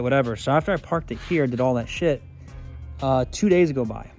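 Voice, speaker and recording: Profane, rambling man telling a car story. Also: mid-range voice. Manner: rambling, heavy swearing, lots of filler phrases. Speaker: car vlogger. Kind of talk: casual storytelling.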